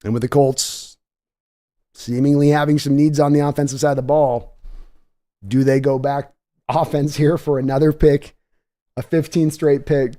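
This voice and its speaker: A man hosting a live-streamed draft show, talking in a chatty, excitable way and reading viewer donations aloud. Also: mid-range voice. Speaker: livestream draft host.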